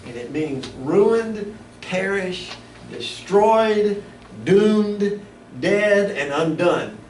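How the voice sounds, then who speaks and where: A man's voice: sits high, lively intonation, very slow, a little mellow, recorded from a distance. A man teaching a Bible study in a conversational way, often stopping and restarting his sentences. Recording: echoey room, mic from afar, background noise.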